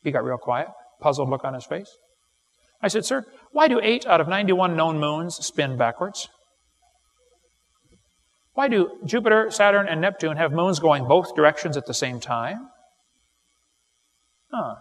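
A man's voice: on the high side, expressive. Folksy, wisecracking man in a big hall. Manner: folksy, wisecracking, quick storytelling with punchlines. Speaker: creation seminar speaker. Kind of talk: joking live seminar lecture. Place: large hall with live audience. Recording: live recording in a reverberant hall.

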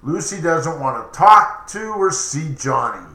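A man's voice: on the high side, unhurried. A man narrating a story in a chatty, casual way as a podcast storyteller. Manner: chatty, animated. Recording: roomy echoey recording.

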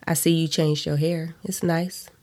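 A woman's voice: deep voice, little pitch movement, unhurried, darkish tone. A woman voicing a smug adult man, an ex-boyfriend who talks dry and pushy in a read-aloud story.

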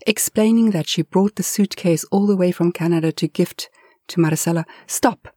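A woman tells a story with lively, expressive swells. Her voice sits fairly low, with a dark, slightly husky tone. The sound is close and dry. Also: a little fast, no echo. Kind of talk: told story narration.

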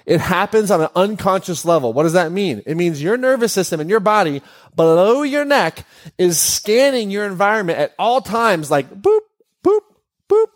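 A man hosting a podcast, speaking in an animated way to a live audience and putting questions to them. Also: sits high, normal speed. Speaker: podcast host.

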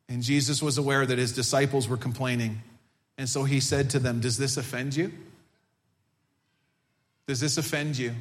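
In a church sanctuary, a male pastor preaches to his congregation, at times building up to a loud, fervent pitch.

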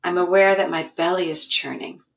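A woman in her forties, a podcast guest and mentor, telling a story and giving guidance in a calm, earnest, reflective way. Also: on the low side, a little fast.

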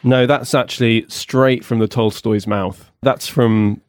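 A man's voice: mid-range voice, steady tone, a little slow, no room sound, studio quality. Playful man summarising a book. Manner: playful, laughs often, summarises the plot. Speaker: podcast co-host. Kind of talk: casual book-club chat.

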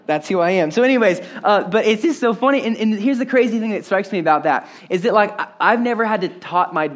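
A man's voice: sits high, fast talker. A young adult man preaching a sermon as a pastor, talking casually with lots of fillers and self-deprecating jokes.

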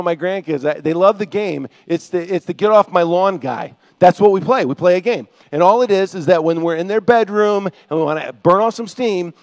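Animated older male preacher, dry sound. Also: high voice, dry recording. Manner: animated, acts out biblical voices, swings from soft to loud. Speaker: pastor. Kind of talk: sermon.

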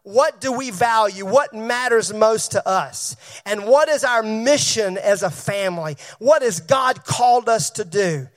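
A man's voice: high-pitched, measured pace, hardly any pauses. A man preaching a sermon as pastor to his church, calling on members by name and asking them questions.

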